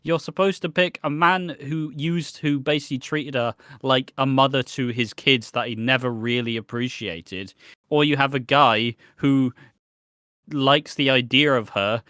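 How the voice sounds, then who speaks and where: A man's voice: medium pitch, steady tone, a little slow, bright, forceful tone, dry recording, studio quality. A man co-hosting a podcast, rambling through a soap recap and swearing freely. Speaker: podcast co-host. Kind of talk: casual chat recapping a soap.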